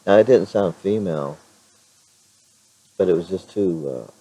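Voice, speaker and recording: A middle-aged man chatting in a casual vlog with a hoarse, raspy voice, rambling with many fillers and restarts. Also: low voice, a little slow, dark tone, no echo, poor audio. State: clears throat now and then. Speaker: vlogger.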